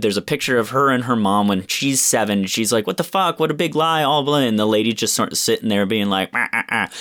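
A man's voice: on the high side, fairly bright tone. A man in casual chat, animatedly ranting about a movie with lots of swearing and acted-out quotes. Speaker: podcast co-host reviewing a film.

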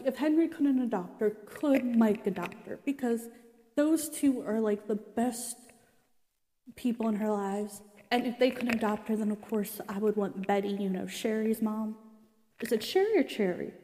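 A woman's voice: on the high side, warm tone, big-room sound. A young woman casually reading about an old sitcom and reacting, chatty and exasperated, with many asides. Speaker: vlogger reading and reacting to a show's history.

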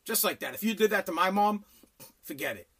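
Man, middle-aged, high voice, bright and sharp, animated profane rant. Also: a little fast. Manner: animated, profane, blunt storytelling with mock voices. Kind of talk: casual rant.

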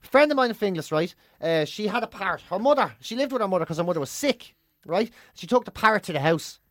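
A podcast co-host who swears freely and tells animated stories. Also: medium pitch, fast, no room sound, studio quality. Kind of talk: casual chat and anecdote.

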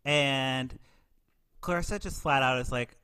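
A man's voice: medium pitch, measured pace, clean tone, no echo. A man in his twenties chatting casually on a podcast, recapping a movie and acting out the characters' lines. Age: 20s. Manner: animated, acts out characters' lines. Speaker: podcast co-host.

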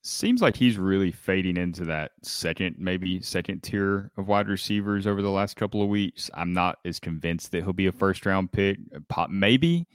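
A man co-hosting a sports podcast, talking through draft prospects in a measured, analytical way. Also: low-pitched, clear, resonant tone, no echo, clean studio sound. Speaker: podcast co-host. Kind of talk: casual sports chat.

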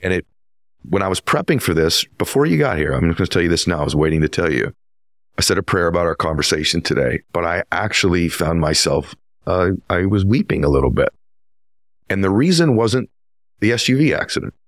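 A man's voice: low-pitched, expressive, brisk, no echo, studio quality. A man hosting an interview, introducing his guest with earnest, emphatic storytelling. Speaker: podcast host.

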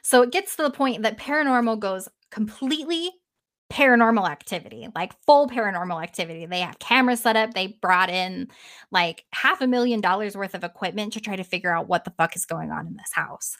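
A woman podcast host casually retelling a story in an animated way, swearing freely and trailing off now and then. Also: medium pitch, fairly quick.

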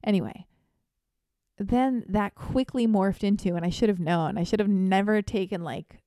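A woman tells a comic personal story in a lively, theatrical way. She often pokes fun at herself. Her voice is mellow and warm, and it is recorded close and dry. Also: medium pitch, moderate pace, no room sound. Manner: animated, self-deprecating, theatrical. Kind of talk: comedic storytelling monologue.

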